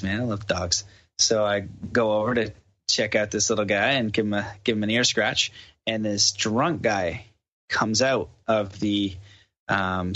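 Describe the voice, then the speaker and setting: A man from Canada, a podcast guest, casually telling a story and acting out the dialogue. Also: lowish voice. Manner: animated storyteller who acts out the dialogue. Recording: dull lo-fi podcast audio.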